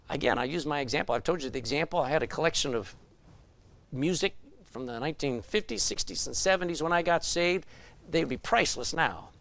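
An older man preaching a sermon, telling stories with sudden loud bursts of emphasis. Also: a little high, animated, brisk, dry recording. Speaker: pastor.

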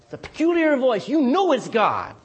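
Husky, lively-voiced preacher man. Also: very high voice, normal speed. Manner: folksy, emphatic preaching with sudden loud bursts and chuckles. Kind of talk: sermon.

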